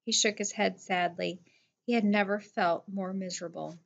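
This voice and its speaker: A woman's voice: mid-range voice, fairly even intonation, moderate pace, gravelly. Woman narrating a story, muffled recording. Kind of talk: audiobook narration.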